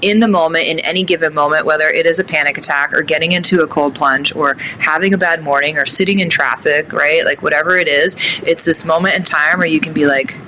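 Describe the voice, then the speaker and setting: Woman, interview guest, bright tone, animated, faint background noise. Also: fast, few pauses. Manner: animated, rising pitch on emphasis. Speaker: guest, breathwork coach. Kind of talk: casual interview chat.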